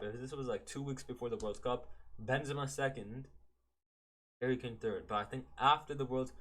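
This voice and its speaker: A man talks football on his solo podcast in a loose, rambling way. His voice sits at an average male pitch. He keeps second-guessing himself and drops "man" into nearly every thought. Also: a bit bright. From Canada. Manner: rambling, self-correcting, keeps saying "man". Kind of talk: casual solo podcast chat.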